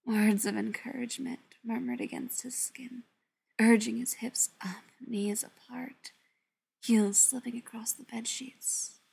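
A woman reading a story aloud in a soft, often half-whispered voice. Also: on the high side, steady tone, a little slow, creaky, slightly rough. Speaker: narrator. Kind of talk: audiobook narration.

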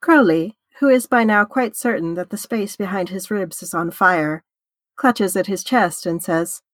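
A woman's voice: mid-range voice, measured pace, no echo. Brief: woman narrator, wry conversational audiobook read, close dry mic. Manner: wry, conversational storytelling with casual swearing. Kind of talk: audiobook fan fiction reading.

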